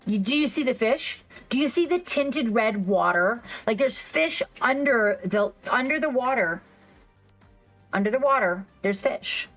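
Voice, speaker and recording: A woman hosting a casual livestream, rambling excitedly and reacting to her chat. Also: fairly high pitch, measured pace, poor audio. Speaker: livestream host. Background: faint background music.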